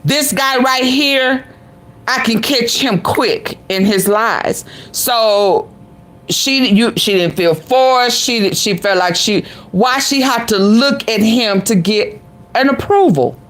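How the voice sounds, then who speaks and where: A woman's voice: on the high side, takes it slowly. A woman vlogger giving reaction commentary, sassy and exclamatory, talking back at the clip she plays.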